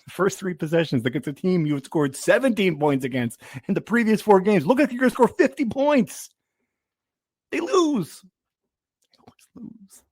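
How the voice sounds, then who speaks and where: A man's voice: sits high, very animated, a little fast, few pauses, a little mellow, breathy edge, dry recording, clean studio sound. A man hosting a sports podcast, chatting casually and telling rambling stories with many restarts. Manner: rambling, self-interrupting storyteller. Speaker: podcast host.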